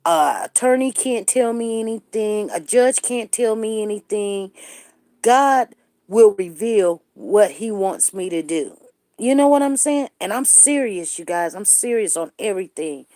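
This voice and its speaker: A middle-aged woman hosting a casual talk show, telling a story in lively chat and acting out the people she quotes. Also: mid-range voice, measured pace, dry recording, studio quality. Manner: animated, acts out quoted people. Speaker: show host.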